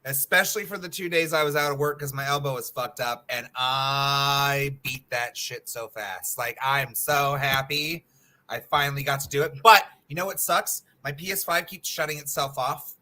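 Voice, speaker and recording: A man co-hosting a casual livestream chat, animated and teasing, who swears freely. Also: medium pitch, normal speed. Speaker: co-host.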